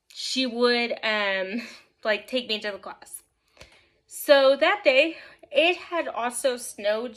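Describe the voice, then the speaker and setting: Brief: woman vlogger with a high voice, casual storytime, rambling, lots of "like". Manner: rambling, filler-heavy with frequent "like"; animated, laughs often while telling.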